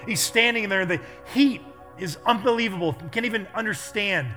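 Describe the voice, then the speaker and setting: A man preaching a sermon as pastor, telling stories in an animated way that builds to loud intensity. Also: high-pitched, normal speed, soft background music.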